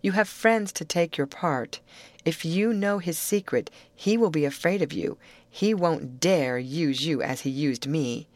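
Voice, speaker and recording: A woman's voice: low voice, a little slow, dry recording. A woman voicing a frail, frightened young woman who speaks in a vacant, sorrowful, pleading way. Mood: musing.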